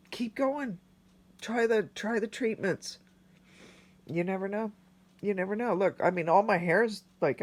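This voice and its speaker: A man in his forties telling his own story in a personal vlog, earnest and halting, speaking with emotion. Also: a little high, creaky, a little mellow. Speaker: vlogger sharing a personal story.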